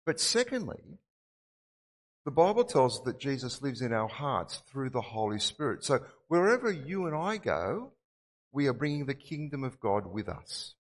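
A man's voice: mid-range voice, sing-song, normal speed, long reverb tail. A man preaching a sermon, earnest and repeating his key phrases for emphasis. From Australia.

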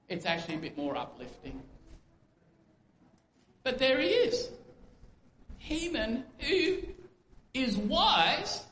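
A pastor preaches a conversational sermon in a high, fairly bright voice, posing rhetorical questions and acting out quoted speech. The room is echoey, with faint ambience and slight background noise.

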